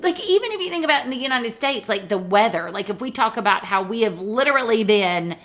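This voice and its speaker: A middle-aged Southern woman with a bright, clear-toned voice, chatting loosely as a podcast co-host. She rambles a bit and leans on "like" as she talks. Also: a little high, animated, fast talker. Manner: chatty, rambling, many "like" fillers. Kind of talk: casual chat.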